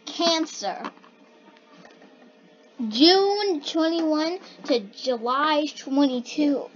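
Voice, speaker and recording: A young kid casually reading odd quotes aloud and then puzzling over them, sounding bemused and giggly. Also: high-pitched. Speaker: video maker reacting to generated quotes. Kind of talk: casual reaction commentary. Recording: dull lo-fi home recording with faint hiss.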